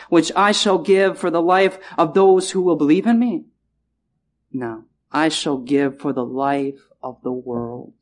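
Emphatic man preaching a sermon. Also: high voice. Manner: emphatic, repeats key phrases, slows for stress.

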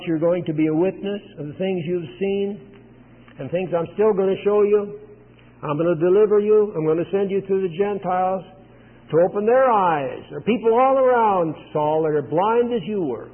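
A commanding, patient heavenly voice, put on by a preacher, delivered as a firm paraphrase. The husky voice sounds thin and phone-like, and a long reverb trails each phrase. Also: male voice, high-pitched.

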